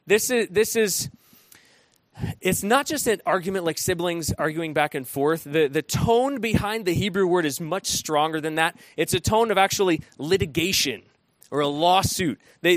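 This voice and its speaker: A man's voice: a little high, dry recording. Conversational male preacher, dry close sound. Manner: conversational preaching with frequent restarts and dramatized quotes. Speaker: pastor. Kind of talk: sermon.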